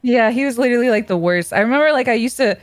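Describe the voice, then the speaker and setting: A woman's voice: fairly high pitch, rapid-fire, dry recording. A young woman streamer chatting casually, telling stories with many fillers and frequent giggles. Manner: giggly, storytelling with lots of "like". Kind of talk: casual chat.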